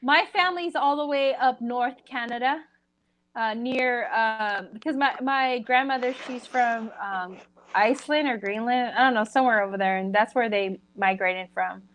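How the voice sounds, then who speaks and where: A woman chatting casually on a live stream, lively and quick to react. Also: on the high side, muffled recording. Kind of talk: casual chat.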